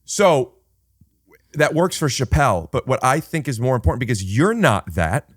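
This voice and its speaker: A man's voice: medium pitch, sing-song, moderate pace, no room sound, studio quality. A man hosting a podcast, cheerfully playing devil's advocate in casual chat. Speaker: podcast host.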